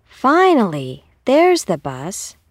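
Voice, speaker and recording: A woman's voice: mid-range voice, wildly swooping pitch, slow pace, no room sound, clean studio sound, voice pushed up. A woman voicing an earnest young boy in a storybook reading.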